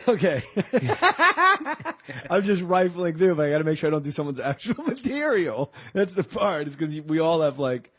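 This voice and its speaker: A man's voice: on the high side, sing-song, moderate pace, a bit bright, breathy edge. A male comedian guest on a podcast, joking and rambling in casual banter, often mocking himself.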